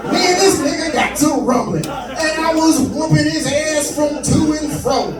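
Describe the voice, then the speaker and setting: A young man doing stand-up, telling a profane story in an animated, conversational way from a club stage. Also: very high voice, a little slow, over loud music. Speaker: stand-up comedian. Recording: echoey club, far mic, crowd noise. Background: audience laughter.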